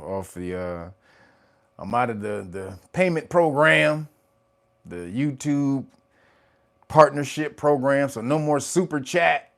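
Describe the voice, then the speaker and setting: A man hosting a casual livestream, greeting viewers by name, laughing often and swearing casually. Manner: rises to a high, loud laughing voice when teasing. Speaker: livestream host.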